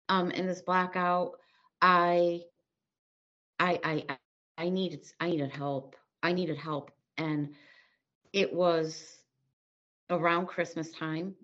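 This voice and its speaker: A woman's voice: on the low side, a bit bright, lo-fi sound. A middle-aged woman telling her own recovery story as an interview guest, candid and blunt, acting out past conversations and swearing freely.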